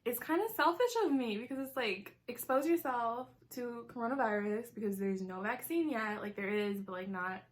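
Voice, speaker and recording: A woman in her twenties chats through a casual mukbang vlog, eating as she talks. Her voice sits a touch high, and she rambles freely with lots of "like" and giggly asides, close to the camera mic. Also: moderate pace, hardly any pauses. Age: 20s. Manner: chatty, says "like" a lot, giggly asides. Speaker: vlogger.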